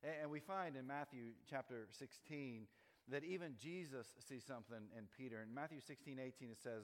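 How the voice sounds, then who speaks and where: A man preaching a sermon in a conversational way, slowing down to stress key words. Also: mid-range voice. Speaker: pastor. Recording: long hall reverb.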